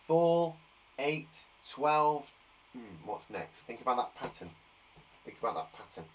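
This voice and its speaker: Lively, encouraging male primary teacher. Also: mid-range voice, unhurried, slight background noise, poor audio. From England. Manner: encouraging, counts aloud, chatty asides to pupils. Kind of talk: live online maths lesson for young children.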